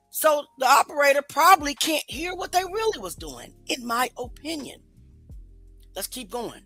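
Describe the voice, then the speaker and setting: Woman host, bright voice, skeptical, talks to her viewers, light music behind. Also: high voice, expressive, moderate pace, low-quality recording. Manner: skeptical, rhetorical questions to viewers. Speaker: commentary show host. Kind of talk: casual commentary.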